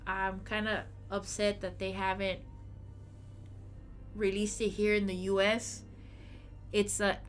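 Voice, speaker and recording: A woman's voice: medium pitch, level tone, slow pace, long pauses, faint music behind. A woman co-hosting a live stream in casual chat, blunt and emphatic as she rants. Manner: blunt, emphatic, ranting with repeated apologies.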